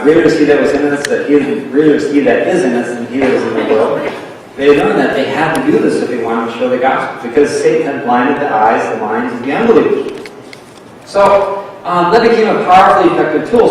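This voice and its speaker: A man preaching a sermon as pastor, telling a story with lively acted-out voices. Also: mid-range voice, slight background noise. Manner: animated storyteller acting out voices. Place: church sanctuary. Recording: echoey hall, mic from a distance.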